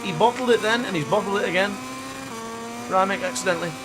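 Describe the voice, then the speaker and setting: A man's voice: high-pitched, fast, background noise. A man, a gaming streamer who calls his own race like a sports commentator and breaks into frustrated outbursts. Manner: excitable, mock race-caller, bursts into frustrated outbursts. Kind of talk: livestream gameplay commentary.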